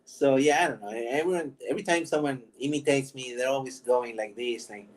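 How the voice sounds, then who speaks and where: A man's voice: mid-range voice, fairly quick, poor audio. A man hosting his own channel, chatting casually, rambling, laughing often and joking about himself. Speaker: vlog host. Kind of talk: casual chat.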